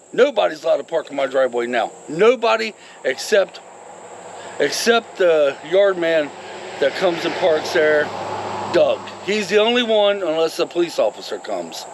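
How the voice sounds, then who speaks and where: Male vlogger, indignant and animated, swooping high voice. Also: a little hiss or hum, poor audio. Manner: indignant, exasperated ranting. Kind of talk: ranting vlog to camera.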